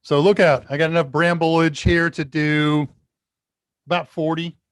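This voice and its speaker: A man's voice: on the high side, little pitch movement, measured pace, smooth, dry recording, studio quality. A man hosting a live tech Q&A stream, chatting casually and rambling while he works at his computer, his level jumping as he leans toward and away from the mic. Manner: rambling, chatty, talks to chat while working. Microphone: desk mic at a computer, level jumps as he leans away.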